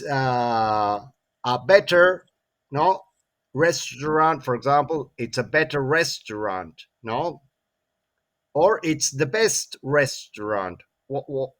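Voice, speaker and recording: Slow male English teacher. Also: medium pitch, a bit bright. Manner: frequent tag questions "no?" and "eh?", repeats words. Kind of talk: classroom grammar lesson.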